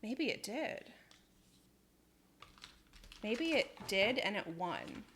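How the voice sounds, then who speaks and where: A woman's voice: medium pitch, big pitch swings, very slow, fairly bright tone, slight background noise. A young woman chatting casually on a live stream, reading out chat messages, laughing often and swearing in passing.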